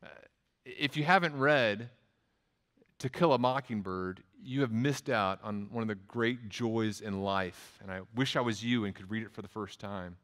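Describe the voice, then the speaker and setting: A man with a Texas accent, preaching a sermon in a relaxed, conversational way, with frequent restarts and quoted asides. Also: lowish voice, normal speed. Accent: Texan. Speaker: pastor. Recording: long hall reverb.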